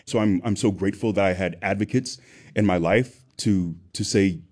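A man's voice: deep voice, moderate pace, a little mellow. A man who is a former athlete, giving earnest, candid answers as an interview guest and often restarting his sentences.

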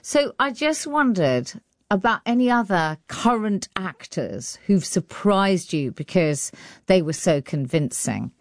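A woman hosting a radio arts show, presenting and chatting in a lively way. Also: medium pitch, slow, no echo, clean studio sound. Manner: animated, chatty presenting with laughs.

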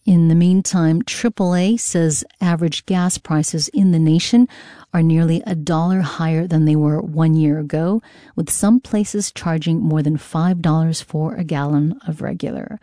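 A woman newscaster reading a scripted news bulletin in a measured, even delivery. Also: low-pitched, no room sound, clean studio sound.

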